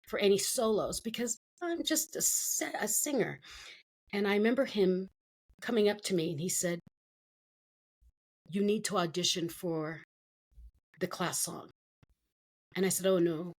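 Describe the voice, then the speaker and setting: Animated woman telling her story. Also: on the low side, slightly rough. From Philippines. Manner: animated storyteller acting out quoted voices. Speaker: guest. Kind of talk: storytelling in an interview.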